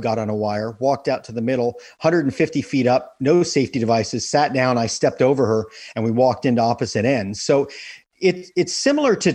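A man in his forties, a guest in an interview, who talks with earnest, animated enthusiasm as he tells stories. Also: mid-range voice, slightly rough, no room sound. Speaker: guest, professional wire walker. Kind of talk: casual interview conversation.

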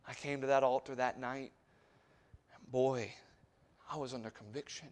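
A man's voice: mid-range voice, steady tone, moderate pace. Impassioned male missionary preacher. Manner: storytelling, swings from hushed asides to loud exhortation; call-and-response with the congregation. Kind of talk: sermon. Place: church sanctuary.

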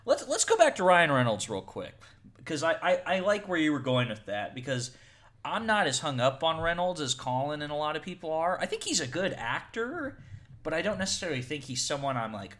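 A man hosts a casual film discussion podcast with a very animated, swooping delivery. He often doubles up words as he gets going. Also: on the high side, a little fast. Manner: animated, repeats words when starting. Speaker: podcast host. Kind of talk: casual movie review chat.

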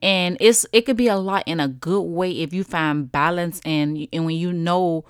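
A woman's voice: fairly low pitch, normal speed, clear, resonant tone, dry recording, clean studio sound. A woman in her thirties hosting a solo podcast, chatting in an encouraging way and talking straight to her listeners. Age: 30s. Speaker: podcast host. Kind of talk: casual solo podcast talk.

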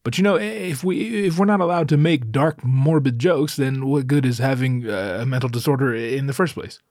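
A man's voice: mid-range voice, fairly quick, a little mellow, dry recording, studio quality. A man hosting his own podcast solo, a little out of breath, talking in a profane, rambling way and making darkly self-mocking jokes. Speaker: podcast host. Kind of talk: casual solo podcast monologue.

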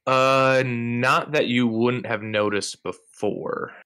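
A man running a tabletop game as game master, narrating in a relaxed, rambling way. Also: medium pitch, slow pace, clean tone, dry recording. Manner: relaxed, rambling, many fillers.

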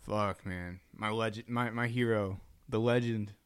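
A man's voice: lowish voice, steady tone, a little slow, smooth, dry recording, studio quality. A man co-hosting a podcast, rambling and laughing, with casual swearing. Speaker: podcast co-host. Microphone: studio microphone.

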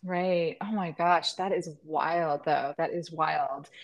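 A woman's voice: low-pitched, fairly even intonation, takes it slowly, dull audio. A woman hosting a podcast, talking casually and enthusiastically, often gushing over her guest. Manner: enthusiastic, gushing, many fillers. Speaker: podcast host, matchmaker.

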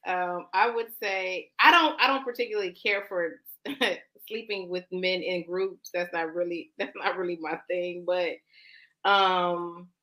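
A woman's voice: on the low side, fairly even intonation, a little slow, sharp tone, low-quality recording. A woman co-hosting a podcast, talking in a blunt, brash, joking way. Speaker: podcast co-host. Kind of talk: casual chat.

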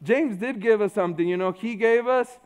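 A man giving a conversational sermon, informal and full of "you know", swinging between loud stretches and hushed ones. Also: sits high, normal speed, clean tone. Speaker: preacher.

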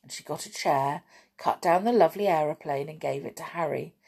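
A woman reads a children's story aloud in a gentle, expressive way. Her voice sits on the low side with a breathy, husky grain. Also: brisk.

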